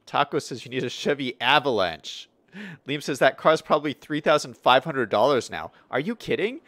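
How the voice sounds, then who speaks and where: Lively chatty male game streamer. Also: mid-range voice, moderate pace. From Western United States. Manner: chatty, lively, reads chat aloud with frequent fillers. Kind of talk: casual live-stream chat, reading viewer comments.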